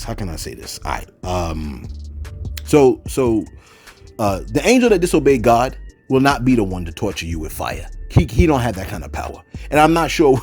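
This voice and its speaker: Animated man chatting over faint music. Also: mid-range voice. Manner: loose and animated, prays and preaches with scripture. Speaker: host of a celebrity news channel. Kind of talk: casual livestream chat reading comments.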